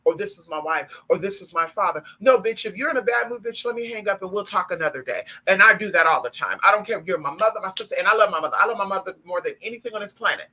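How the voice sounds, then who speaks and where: A high-voiced man talks on a live stream in a sassy, emphatic and profane way. His tone is bright and sharp, and he chats with his viewers in a spiritual practitioner's role. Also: very fast, hardly any pauses, poor audio.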